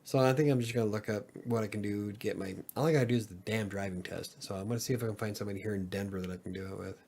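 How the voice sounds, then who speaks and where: Guy in his 30s, rambly livestream chat, curses a lot, lowish voice. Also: fairly even intonation, very fast, darkish tone. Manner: rambling, swears freely, chuckles often. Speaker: podcast host.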